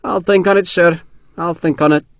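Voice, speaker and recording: A man's voice: a little high, expressive, a little fast, fairly bright tone, no echo, clean studio sound, pitched above the performer's own voice. A man voicing a dour older colonel. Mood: grim. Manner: grim, gloomy, clipped. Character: older Scottish army colonel, dour and stern.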